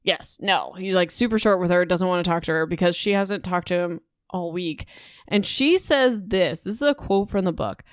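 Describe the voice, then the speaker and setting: A young woman hosting a podcast, recapping a book in a casual, animated, indignant way, with many "like"s. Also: fairly low pitch, normal speed, dry recording, clean studio sound. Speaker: podcast host.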